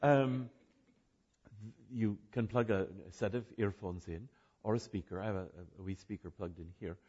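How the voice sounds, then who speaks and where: A man's voice: lowish voice, normal speed, mellow, highs cut off. An older man giving an informal talk to a group, rambling with asides and self-corrections. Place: room with an audience.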